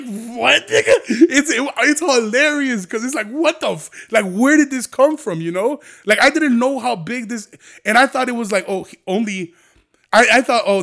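A man with a high, bright, cutting voice holds forth on his podcast. He rants in a heated, profane way, circling back and restarting as he goes. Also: a little fast. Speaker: podcast host. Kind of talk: casual ranting monologue.

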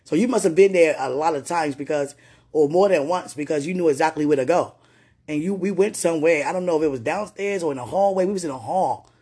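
Speaking fast in a low, husky voice, a woman on her podcast recounts a story to her partner in a relaxed way. She dramatizes what others said as she goes and refers repeatedly to God and the Holy Spirit.

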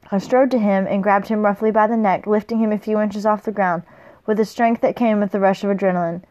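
A woman reads a first-person novel aloud in a casual, unpolished way, at a medium pitch. She stumbles on a word now and then and goes back to fix it. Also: steady tone, normal speed, darkish tone. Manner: plain reading, with slips and self-corrections. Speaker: reader.

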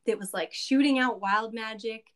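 A woman's voice: a little high, normal speed. A woman casually recapping a tabletop game session, chatty and full of asides.

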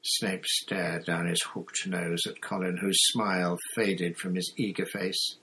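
A man reading a novel aloud in a steady narrating manner, with occasional slips and restarts. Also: low voice, unhurried, few pauses, breathy edge, poor audio. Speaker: audiobook reader. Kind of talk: storybook narration.

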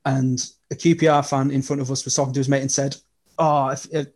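A young man, chatting casually and telling animated football stories as a podcast guest. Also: mid-range voice, fairly quick. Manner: animated storytelling with laughs. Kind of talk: casual chat.

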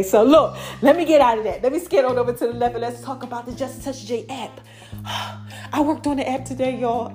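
A woman hosting her own podcast, chatting excitedly and effusively with her listeners, full of thanks and exclamations. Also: medium pitch. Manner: effusive, chatty, lots of "y'all" and "oh my gosh". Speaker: podcast host. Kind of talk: excited casual podcast chat.

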